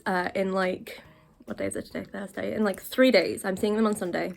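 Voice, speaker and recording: A young woman vlogging to the camera from her bedroom, rambling and excited, with plenty of "like" and "um". Her voice sits at an ordinary middle pitch. A little music plays faintly in the background. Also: unhurried, gravelly, long pauses. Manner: excitable, rambling, full of fillers. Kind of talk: casual rambling vlog. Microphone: camera facing her.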